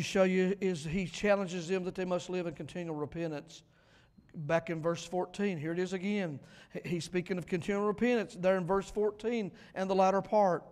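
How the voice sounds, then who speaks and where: A man preaching a revival sermon in a church, emphatic, swinging between loud declarations and quiet asides. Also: high voice, fairly even intonation, normal speed. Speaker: pastor. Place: church sanctuary. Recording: long hall reverb in a church.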